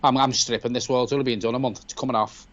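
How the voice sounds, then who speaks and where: A man's voice: mid-range voice, fairly even intonation, racing, a bit bright, dull audio. A man with a Scouse accent co-hosting a live football watch-along, reading viewer comments aloud and answering them bluntly in casual chat. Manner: reads chat messages aloud in a blunt matter-of-fact way.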